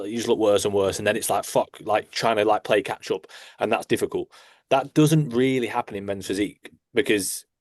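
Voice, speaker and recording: Male coach, lowish voice, dry close mic, casual rambling chat with swearing. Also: a little mellow, dry recording. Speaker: physique coach, podcast co-host.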